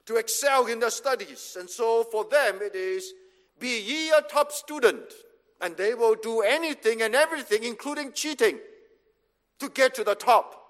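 A man from Singapore preaching a sermon as pastor, emphatic and measured, repeating phrases for stress. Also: extremely high pitch, fairly bright tone. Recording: long reverb of a hall.

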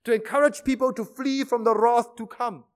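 High-voiced man preaching a sermon. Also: steady tone, moderate pace. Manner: emphatic, with rhetorical questions and repetition.

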